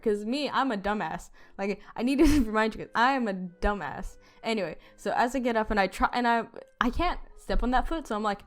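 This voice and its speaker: A woman's voice: mid-range voice, a little fast. A woman telling a story in a casual storytime vlog, rambling with lots of fillers and swearing. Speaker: storytime youtuber.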